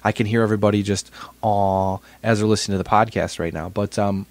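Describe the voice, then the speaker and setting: A man's voice: on the low side, fairly even intonation, very fast, dry recording. A man co-hosting a podcast, telling a story in casual chat and often repeating his words. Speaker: podcast co-host.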